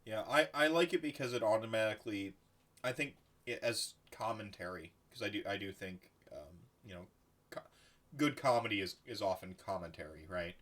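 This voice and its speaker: A man hosting a casual podcast chat, animated and loose, swearing freely and restarting his sentences. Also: fairly low pitch, moderate pace. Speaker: podcast host.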